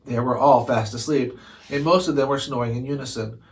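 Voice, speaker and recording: A man's voice: medium pitch, fairly even intonation, fairly quick, poor audio. A man reading a children's chapter book aloud, now and then stumbling over a word and correcting himself. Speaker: storybook reader.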